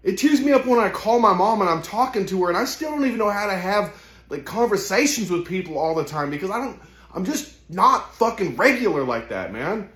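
A man's voice: high-pitched, fairly bright tone, roomy sound. A man giving an impassioned, profane motivational monologue, speaking intensely and swearing heavily.

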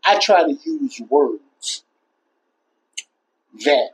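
A man's voice: a little high, lively intonation, drawn-out words, husky, low-quality recording. A man hosting a casual Christian talk show, rambling and repeating himself in an earnest, plainspoken way. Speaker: Christian podcast host. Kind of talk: casual faith talk to listeners.

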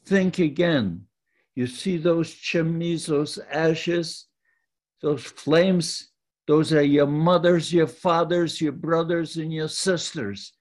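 A contemptuous, taunting barrack overseer, as an elderly Polish-accented man puts him on. The voice rises higher than his plain telling and stays slow and deliberate. Each jeer is spat out with scorn. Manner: sneering, shouting taunts. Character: harsh male barrack overseer, contemptuous inmate.

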